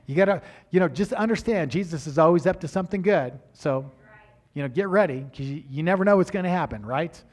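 An older man preaching and telling a story in a sermon, animated, with frequent repeated restarts. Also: fairly high pitch, fairly quick. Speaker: pastor.

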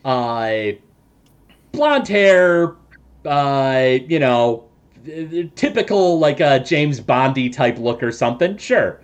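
A man's voice: mid-range voice, lively intonation, takes it slowly, clean tone, lo-fi sound. A man narrating as game master of a tabletop game, hesitant with many fillers and jokes.

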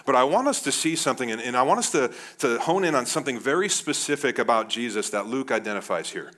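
Animated man preaching a sermon. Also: medium pitch, fast. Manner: animated, addresses the crowd as guys. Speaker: pastor.

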